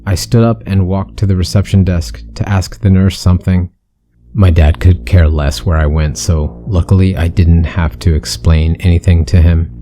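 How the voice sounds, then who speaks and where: A man's voice: low-pitched, steady tone, normal speed, dark tone, soft background music. A man narrating a first-person horror story with an intense, brooding delivery.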